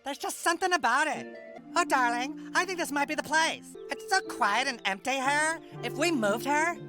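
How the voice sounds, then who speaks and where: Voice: high-pitched, expressive, normal speed, music in the background. A performer voicing a vapid valley-girl princess wife in a cartoon, with upturned endings. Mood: dreamy, gushing. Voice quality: upward valley-girl inflection. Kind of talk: cartoon voice acting.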